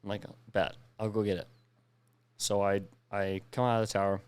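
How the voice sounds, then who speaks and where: A man's voice: lowish voice, little pitch movement, normal speed, clean tone. A young man on a podcast telling a war story in casual, profane speech, acting out the dialogue. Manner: profane, recounts with quoted dialogue. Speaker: podcast co-host, veteran.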